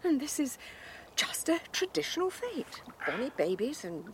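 An actress playing a teasing, skeptical wife in a radio drama. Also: female voice, high-pitched, very animated, normal speed, slight background noise. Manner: incredulous, teasing.

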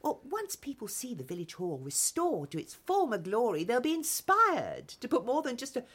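A pompous village organiser. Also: female voice, on the high side, wildly swooping pitch, normal speed, fairly bright tone, breathy edge, full character voice. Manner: pompous, hesitant when cornered. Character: self-important middle-aged village organiser woman. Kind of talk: radio drama acting.

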